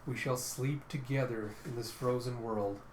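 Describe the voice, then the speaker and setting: A man reading a brooding male vampire lord aloud, slow and grave with old-fashioned diction, in a roomy room. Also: medium pitch, a little hiss or hum, lightly acted. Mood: tender. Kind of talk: dramatic comic readthrough.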